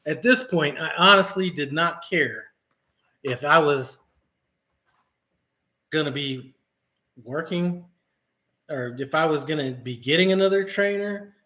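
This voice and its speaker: Profane, animated man telling a story. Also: fairly high pitch, a little slow, long pauses. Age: middle-aged. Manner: profane, animated retelling with quoted dialogue. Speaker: trucking vlogger. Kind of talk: casual storytelling vlog.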